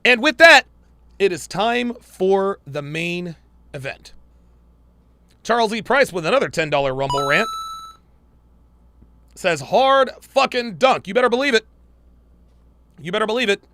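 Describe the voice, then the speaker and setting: A man hosts a casual reaction podcast, blunt and profane, hammering points home by repeating himself. His voice is gravelly and sharply bright. The sound is dry and close to the mic. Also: high-pitched, expressive, a little slow, pauses often, no room sound. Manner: blunt, profane, emphatic repetition. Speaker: podcast host reacting to clips.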